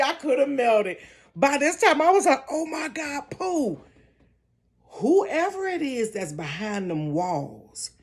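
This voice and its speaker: An older woman spins a dramatic tale from her bedroom, speaking straight to her viewers. She talks slowly, with a voice that leaps up and down in pitch, sitting a little high for a woman. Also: vocal fry, darkish tone. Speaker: storyteller. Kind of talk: casual storytime chat.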